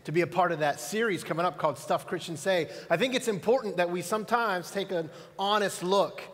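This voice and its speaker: A man's voice: sits high, fairly quick. A middle-aged man preaching a sermon as pastor, telling stories in a conversational way and asking the audience questions. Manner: storytelling, conversational, asks the audience. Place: church auditorium. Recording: hall reverb.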